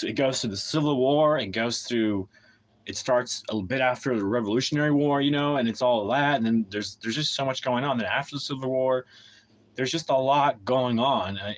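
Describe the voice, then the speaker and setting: A man's voice: mid-range voice, low-quality recording. A man talking to camera on a livestream, ranting bluntly and swearing a lot, then settling into a more casual monologue about his work as a writer. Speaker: independent writer and streamer. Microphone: camera mic.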